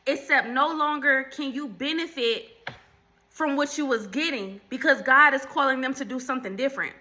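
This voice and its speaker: A woman talks straight to her viewers in a casual faith chat, with a piercing, very bright tone set a little high. She calls them y'all and slips into preachy asides. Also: normal speed. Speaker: faith and relationship channel host. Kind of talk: casual faith talk to camera.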